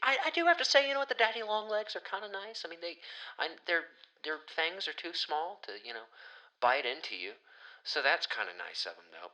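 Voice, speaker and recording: A young man hosting a podcast, ranting through a profane, rambling solo monologue that swings from heated outbursts to hushed asides. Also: fairly high pitch, low-quality recording. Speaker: podcast host.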